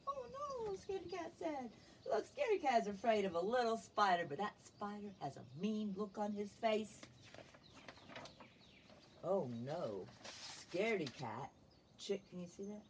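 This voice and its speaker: A woman teacher reading a picture book aloud to young children, gently asking them questions as she goes. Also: mid-range voice, sing-song, unhurried, long pauses, a little hiss or hum.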